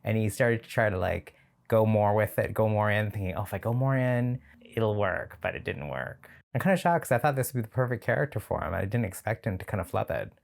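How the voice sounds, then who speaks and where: A man's voice: lowish voice, lively intonation, quick pace, creaky. A man hosting a reaction video, talking casually and sardonically and laughing often.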